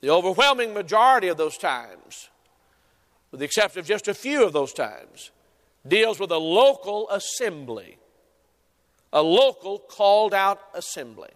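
A male pastor preaching a sermon in a deliberate cadence, quoting scripture. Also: high voice, sing-song, a bit bright, long reverb tail.

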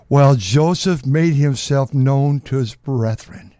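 A man's voice: fairly high pitch, slow, hardly any pauses, mellow, dry recording, studio quality. A male preacher giving a fervent sermon, reading scripture aloud and repeating words for emphasis.

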